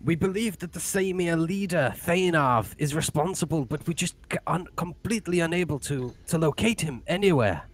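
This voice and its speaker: A frightened old village elder, pleading and a touch stammering, his voice sitting a little high, as a game master puts him on. He sounds anxious and urgent throughout. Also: expressive, normal speed, few pauses. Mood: worried pleading. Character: scared old male town elder.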